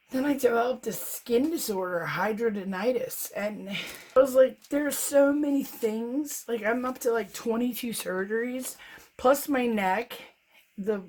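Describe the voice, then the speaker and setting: A middle-aged woman, a vlogger who does fluid art painting, tells her viewers a personal story in a casual, chatty way, laughing often. Her voice is mid-range and a little mellow.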